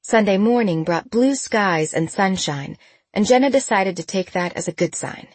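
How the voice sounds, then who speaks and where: A woman narrating a novel as an audiobook, in a steady, even storytelling manner. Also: medium pitch, normal speed, breathy edge, dry recording. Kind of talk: scripted narration.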